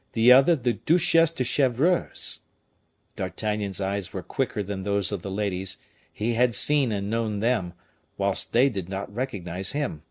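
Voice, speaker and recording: Man reading a classic novel aloud. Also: on the low side. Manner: steady, measured reading. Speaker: audiobook reader. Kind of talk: scripted audiobook narration.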